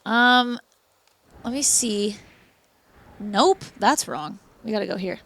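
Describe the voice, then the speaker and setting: A woman streaming a game, chatting casually with viewers and reacting loudly. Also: mid-range voice, takes it slowly, slight background noise. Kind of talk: casual gameplay commentary.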